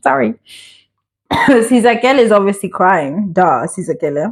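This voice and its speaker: A young woman from South Africa with a sore throat, chatting in an animated, opinionated way as she reviews a reality show. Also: medium pitch, normal speed, creaky, slightly rough. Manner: animated and opinionated, acts out the cast members' voices. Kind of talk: casual chat, reviewing a show.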